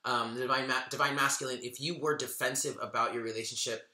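A man's voice: mid-range voice, steady tone, quick pace, sharp tone, roomy sound. A man giving a casual tarot reading, chatty and earnest, thinking aloud as he goes. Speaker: tarot reader.

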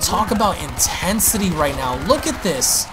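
A man giving excitable, profane live commentary while playing a zombie shooter, often repeating his words. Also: high voice, normal speed, background noise. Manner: excitable, swears, exclaims and repeats himself. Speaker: gaming YouTuber.

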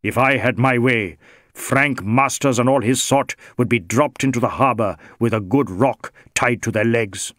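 A man's voice: mid-range voice, moderate pace, fairly bright tone, no echo, studio quality, close to an everyday voice. A man doing a tall scornful briber. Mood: contemptuous. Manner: contemptuous, wheedling.

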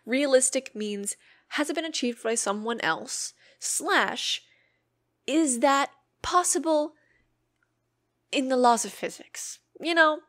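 A woman's voice: high-pitched, takes it slowly, fairly bright tone, no echo. Earnest, swearing woman podcaster, dry sound. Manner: earnest, emotional, swears freely. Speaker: podcast host. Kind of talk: personal podcast monologue.

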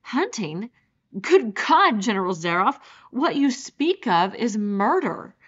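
Earnest, shocked young male hunter, read by a woman, lowish voice, muffled lo-fi audio. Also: a little slow, lightly acted. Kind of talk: audiobook character reading.

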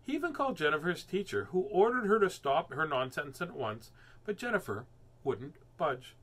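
An older man reads picture books aloud to a live audience, joking and chatting between pages. His voice sits fairly high and rings bright, swinging up and down with lively expression. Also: moderate pace. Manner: playful, chatty, easily amused. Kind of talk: live read-aloud stream.

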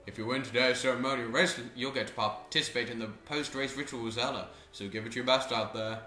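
A man voicing an elderly, kindly headmaster who is a father, speaking in a slow, grave paternal tone. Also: mid-range voice, steady tone, sharp tone, reverberant, soft background music, voice pushed down, natural voice. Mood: solemn.

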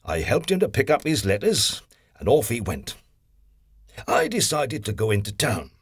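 Telling a children's audio story in first person, a man plays a mischievous, playful tickler with a slightly husky voice that swings widely in pitch. Each tickle brings a gleeful, high squeal, delivered at normal speed in a dry recording.

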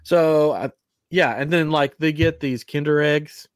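Speaking at a measured pace in a voice on the high side, a podcast host in his thirties chats casually and tells stories with lots of laughter. The studio recording is clean, with no echo.

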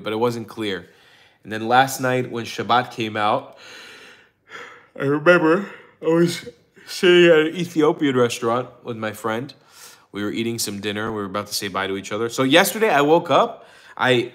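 A tired man hosts a casual livestream, yawning as he rambles, restarts sentences, and says um often. His mid-range voice is a bit bright, and he greets viewers from the chat by name.

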